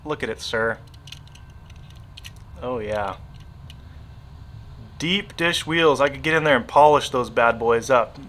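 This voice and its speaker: His voice is medium-pitched and fairly bright, a little slow with frequent pauses, and the recording carries a slight hiss or hum. A married adult man with a Southern US accent, he chats casually about his diecast car collection, rambling, self-deprecating and prone to tangents.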